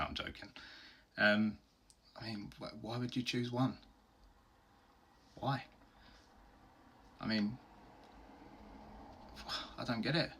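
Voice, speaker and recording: A man's voice: medium pitch, vocal fry, fairly bright tone, breathy edge. A man hosting a solo question-and-answer video, talking in an open, earnest and heartfelt way in plain everyday words. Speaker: host answering viewer questions. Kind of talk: candid solo Q&A.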